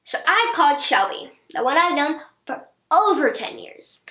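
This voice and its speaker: A teenage girl telling a storytime vlog in casual chat, animated, acting out what others said. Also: sits high, normal speed. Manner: chatty, animated, acts out quotes of others. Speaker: vlogger. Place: indoor room, seated on a chair. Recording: echoey room.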